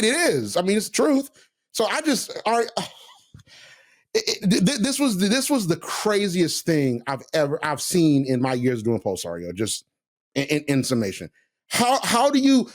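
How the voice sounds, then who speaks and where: A young man with a high-pitched voice co-hosts a casual sports podcast. His pitch swings widely as he gets animated. He laughs often and drops into a mocking tone when he reads quotes aloud. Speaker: podcast co-host.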